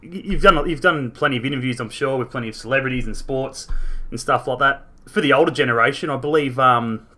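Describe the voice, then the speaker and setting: An excitable man with a Newcastle Australian accent hosts a casual podcast. His voice is bright and a little sharp, and he laughs easily between remarks. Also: medium pitch, brisk. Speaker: podcast host.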